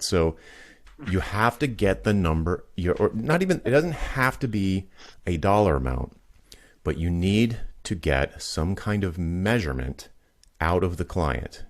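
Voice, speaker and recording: A man's voice: low voice, big pitch swings, measured pace. A man hosting a coaching call, explaining confidently and using anecdotes to make his points. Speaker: podcast host and business coach. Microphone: video call.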